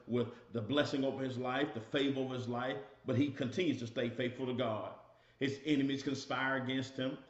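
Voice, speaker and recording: A man teaching a Bible study as a sermon, preaching emphatically, repeating his phrases and calling listeners y'all. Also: mid-range voice. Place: church room. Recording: echoey, dull lo-fi church recording.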